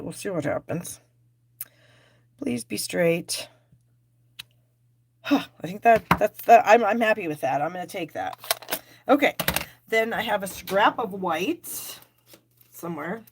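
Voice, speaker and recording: A woman's voice: on the low side, noisy background. A middle-aged woman hosting a live card-making class, chatting and joking at her own expense while she works. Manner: chatty, self-deprecating, talks while working. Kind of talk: live craft demo with viewer chat.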